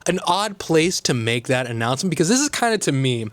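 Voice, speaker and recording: A man's voice: a little high, sing-song, fairly quick, fairly bright tone, dry recording. Joking man on a dry mic. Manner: joking, sarcastic, rambling asides. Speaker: host. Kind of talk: casual comedic commentary.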